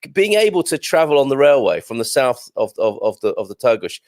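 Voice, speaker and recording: A man's voice: medium pitch, big pitch swings, fairly quick, a little mellow, no room sound. A man hosting a casual chat, enthusiastic and effusive. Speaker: host.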